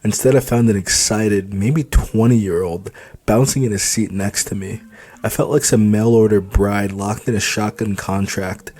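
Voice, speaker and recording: A man reading his own novel aloud as audiobook narration, in steady first-person storytelling. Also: lowish voice, measured pace.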